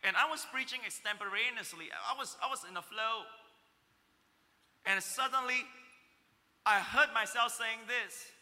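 A male pastor delivers an emotional sermon in a church auditorium, his bright, high voice ringing with long reverb. He speaks slowly, rising to loud cries and dropping to near whispers. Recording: long reverb of a large hall.

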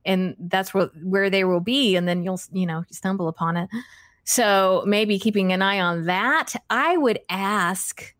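A woman chatting casually on a livestream reads viewers' questions aloud and answers warmly and ramblingly. Giggly and self-deprecating, she laughs often, stumbles, and restarts sentences amid many fillers. Her middle-pitched voice runs a little slow, recorded close and dry without room sound.

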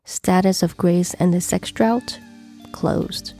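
A woman narrating her own first-person story for a podcast, reading in a calm and measured way. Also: fairly low pitch, faint music behind.

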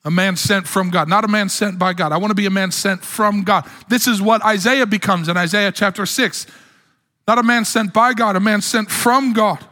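A man's voice: high voice, moderate pace, pushed and bright. A man preaching a sermon as pastor, with impassioned delivery that climbs to exclamations. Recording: long hall reverb.

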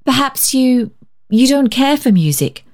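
A woman voicing a timid, hopeful young woman who speaks brightly and falters when nervous. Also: medium pitch, expressive, measured pace, pitched above the performer's own voice, lightly acted. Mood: flustered.

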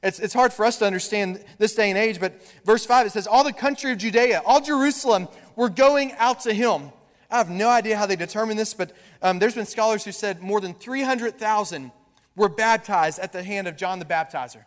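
A man preaching a sermon as pastor, swinging from soft asides to loud emphasis. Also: sits high, a little fast. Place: church sanctuary. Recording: long hall reverb.

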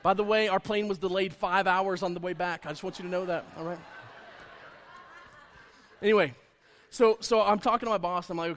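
A man preaching a sermon as a personal story, acting out conversations with lively swings in his voice. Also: high-pitched, brisk, long pauses. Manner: animated storyteller, acts out dialogue. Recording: long hall reverb.

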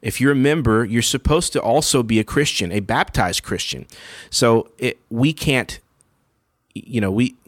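A pastor with a medium-pitched, unhurried voice preaches in a conversational, teaching style, often checking in with "okay?" and "all right?" He uses plenty of fillers and restarts his phrases. The audio is studio quality with no room sound.

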